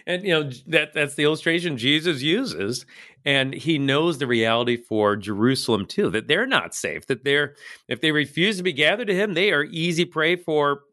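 A man's voice: on the high side, expressive, normal speed, bright, forceful tone, dry recording, clean studio sound. A man co-hosting a casual Bible study chat, earnest and reflective, with frequent fillers and restarts. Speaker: co-host discussing Bible passages.

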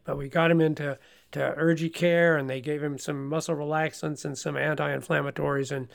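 A middle-aged man leads a relaxed Bible discussion in an earnest, folksy way. His fairly high voice has a gravelly, crackly edge, and he often stumbles over repeated words before a point lands. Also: fairly quick. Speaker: Bible study host.

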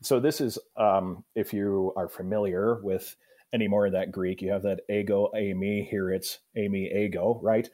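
A male pastor leads a Bible study discussion, explaining the Greek behind a passage. His voice sits low and sounds somewhat husky. He thinks aloud, pausing with fillers and circling back mid-sentence. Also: fairly even intonation, dark tone. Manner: thoughtful, explanatory, pauses with fillers.

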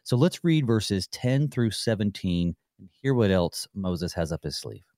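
A man hosting a Bible study discussion, reading scripture aloud in a measured, reflective way. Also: on the low side, expressive, mellow, no echo, studio quality. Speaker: host.

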